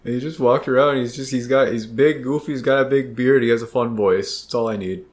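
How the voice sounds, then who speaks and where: A man's voice: mid-range voice, fairly even intonation, brisk, a little mellow. A young American man co-hosting a casual podcast, rambling and joking, often acting out quotes. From United States. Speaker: podcast co-host. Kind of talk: casual chat.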